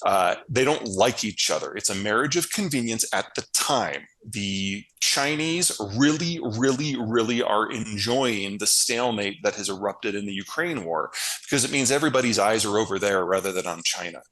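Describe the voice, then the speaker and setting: Blunt, emphatic man, low voice. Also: lively intonation, normal speed, fairly bright tone, poor audio. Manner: blunt, emphatic, stacks repeated phrases for stress. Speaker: guest analyst. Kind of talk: interview answers, casual explanation.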